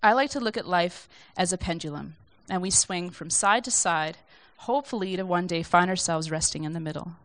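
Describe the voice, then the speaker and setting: Soft-spoken woman reading a sermon. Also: on the low side, brisk, hardly any pauses, no echo. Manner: conversational, self-deprecating, reflective. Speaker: speaker sharing a church message. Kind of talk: informal sermon read from notes.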